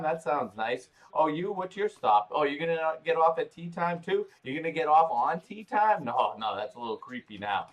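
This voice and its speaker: A man's voice: fairly high pitch, animated, moderate pace, hardly any pauses. A man hosting a casual live watch-party stream, rambling with playful, crude banter and swearing. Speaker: livestream host.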